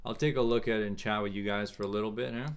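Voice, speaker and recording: Low-voiced man chatting on a trading stream. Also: fairly even intonation, slight background noise. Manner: thinks aloud, halting, reads chat questions. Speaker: trading livestream host. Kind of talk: casual livestream chat about markets.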